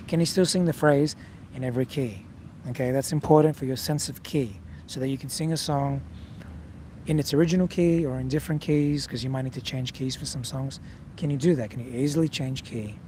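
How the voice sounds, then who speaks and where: A male singing teacher talks the viewer through a casual lesson in a direct, coaching way, often checking in with a quick "okay?". His voice sits a little high for a man. A faint hum of noise runs underneath. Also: mellow.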